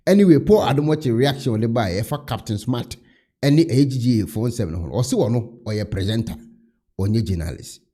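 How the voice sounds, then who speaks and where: A Ghanaian man with a husky, mellow voice whose pitch moves freely as he comments. He switches between Twi and English, and his delivery is opinionated and casual. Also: expressive, normal speed. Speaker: vlog host.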